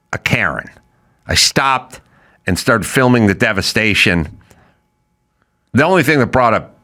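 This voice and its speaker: Middle-aged man, podcast host; animated, incredulous comic storytelling, bright and lively. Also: medium pitch. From Los Angeles. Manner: animated, incredulous, mimics people in voices. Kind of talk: comedic storytelling rant.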